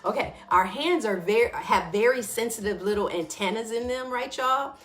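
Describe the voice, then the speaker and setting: A woman's voice: a little high, normal speed, a bit bright, echoey room. A middle-aged woman hosting a casual spoken reflection and guided practice, often checking in with her listeners. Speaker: wellness teacher and host.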